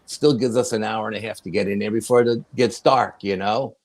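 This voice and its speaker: Gravelly low-voiced man telling a story. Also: fairly quick. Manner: animated, profanity, laughs while telling. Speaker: podcast guest. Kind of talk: casual storytelling.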